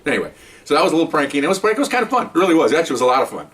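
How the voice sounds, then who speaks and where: A man's voice: on the high side, very animated, rapid-fire, a bit bright, far from the mic. A man in his sixties, a retired police officer casually telling a rambling anecdote with many restarts. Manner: chatty and rambling, with frequent restarts.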